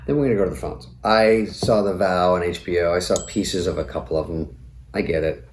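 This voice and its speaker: A man's voice: low-pitched, steady tone, brisk, darkish tone, a little hiss or hum. A middle-aged man hosting a comedy show and delivering a profane, sardonic monologue. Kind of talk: comic monologue. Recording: roomy echo.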